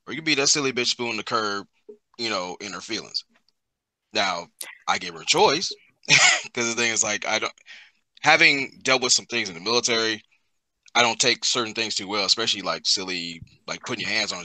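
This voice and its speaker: A man's voice: on the low side, sharp tone, no room sound. A man speaking as a guest on a casual live panel chat, blunt and profane but laid-back.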